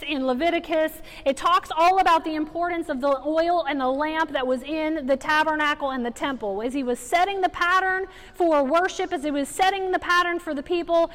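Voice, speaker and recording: Woman, preacher, very high voice, animated sermon, emphatic, reverberant sanctuary. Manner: animated, rising to emphatic exhortation. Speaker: guest preacher. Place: church sanctuary. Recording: reverberant hall.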